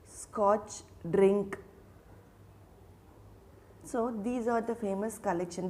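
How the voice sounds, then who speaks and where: Slow woman teaching literature. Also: mid-range voice, warm tone. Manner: slow, repeats names and restarts phrases while explaining; asks the listener questions and answers them herself. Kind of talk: English literature lesson.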